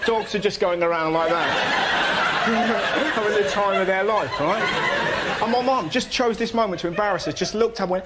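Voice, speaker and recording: A man's voice: sits high, fairly quick. Young male comic, very noisy recording. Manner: animated storytelling, shrieking impressions. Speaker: comedian panellist. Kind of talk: stand-up comedy routine. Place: TV studio with live audience. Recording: loud noisy studio recording.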